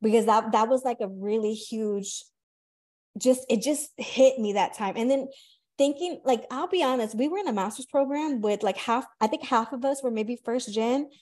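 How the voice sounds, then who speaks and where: Podcast host, woman in her thirties, slightly high voice, animated storyteller who acts out quotes. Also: moderate pace. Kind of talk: casual conversation.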